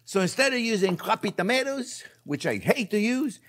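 Speaking at a normal speed, this older French-accented cooking show host has a high, slightly bright voice with big swings in pitch. He's running a casual demonstration, chatting away, laughing at himself and calling the viewers friends again and again.

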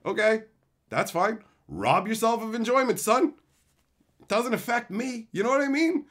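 Bright, animated man ranting on a stream. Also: very high voice, moderate pace. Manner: profane, exasperated ranting. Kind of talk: livestream rant.

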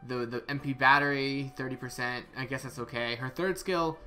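Bright-voiced man reviewing game stats. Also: medium pitch, fairly even intonation, moderate pace, soft background music. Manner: casual, thinking aloud with hesitant repeats. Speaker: game content creator. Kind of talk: casual game character review.

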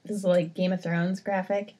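A woman's voice: on the low side, level tone, normal speed, mellow. A woman co-hosting a casual game chat, making wry, joking comments. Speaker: podcast co-host.

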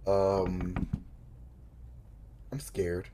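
A man's voice: low-pitched, slow, pauses often, mellow, a little hiss or hum. A man giving casual, profane commentary while playing a horror game, talking to himself about how scared he is. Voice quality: profane, jumpy, talks to himself. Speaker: gaming streamer.

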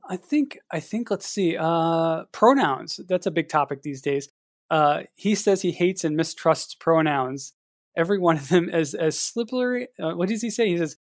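A man's voice: fairly high pitch, animated, no room sound, clean studio sound. Hesitant man chatting on a podcast. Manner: measured, hesitant, many fillers and restarts. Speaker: podcast co-host and editor. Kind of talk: casual podcast chat.

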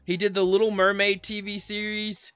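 A man's voice: high-pitched, little pitch movement, normal speed, a bit bright, smooth, no echo, soft background music. A man in his thirties co-hosting a casual chat, upbeat and laughing often as he reads viewer comments and runs through lists. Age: 30s. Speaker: podcast co-host.

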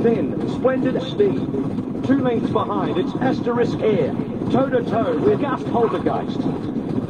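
A high, urgent game announcer, voiced by a man, calls a horse race in clipped bursts. Loud steady noise hisses behind the game sound. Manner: brisk announcer delivery, names horses in short phrases. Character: male horse racing announcer, adult, brisk. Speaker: race commentator in a video game. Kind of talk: scripted race commentary.

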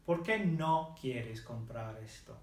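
Teaching beginners' Spanish, this man keeps a measured pace and medium pitch, staying patient and handing out frequent praise and encouragement. The recording has an echoey room sound.

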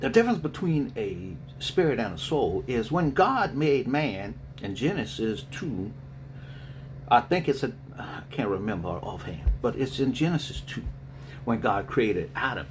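A middle-aged man, a spiritual reader, answering viewer questions in a rambling, animated way with frequent laughter. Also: medium pitch, measured pace, a little hiss or hum. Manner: rambling, animated storyteller who laughs often.

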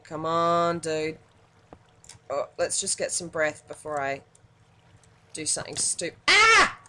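An Australian woman commenting on her gameplay in a casual, excitable way, muttering to herself between sudden yelps. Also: deep voice, slow pace, noisy background. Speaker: gaming channel host.

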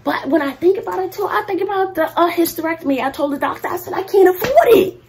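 A middle-aged woman, a teacher talking casually to her viewers. She is playful and swings from loud to hushed while she talks to herself. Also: extremely high pitch, fast, a little hiss or hum. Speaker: vlogger, teacher. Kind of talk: casual vlog talk to viewers.

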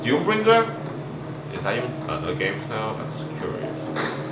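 A man giving excited gameplay commentary as a gaming YouTuber, pleading and shouting at the game and laughing often. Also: lowish voice, normal speed. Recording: echoey room with game music.

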